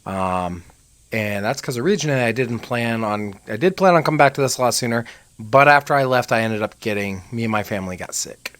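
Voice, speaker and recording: In a dry recording, a young gaming video creator chats with his viewers in a casual let's-play, cracking jokes and cursing freely while he plays. His medium-pitched voice is expressive, brisk, and a bit bright.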